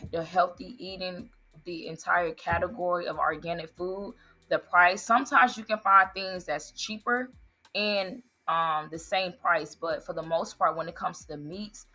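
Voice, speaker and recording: Bright-voiced woman, interview guest. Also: lowish voice, fairly even intonation, unhurried. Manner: earnest, answers with "yes, sir". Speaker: ice cream business owner.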